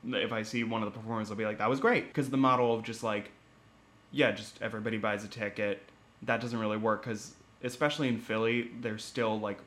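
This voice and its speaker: A man's voice: fairly low pitch, steady tone, brisk, fairly bright tone. A young man co-hosting a podcast, in casual chat, joking and laughing often. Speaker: podcast co-host and stand-up comic.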